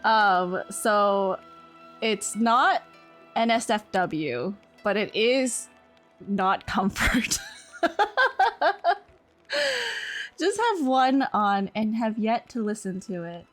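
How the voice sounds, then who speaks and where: A young woman streamer chatting casually with her viewers, giggly, easily distracted and quick to apologize. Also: mid-range voice, lively intonation, fairly bright tone, faint music behind.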